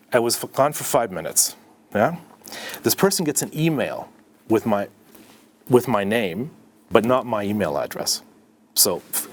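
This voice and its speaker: A middle-aged man from Canada, a podcast guest, telling a story in an animated way and acting out the dialogue. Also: fairly low pitch, a little hiss or hum. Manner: animated, acts out dialogue in his anecdotes. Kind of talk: conversational storytelling.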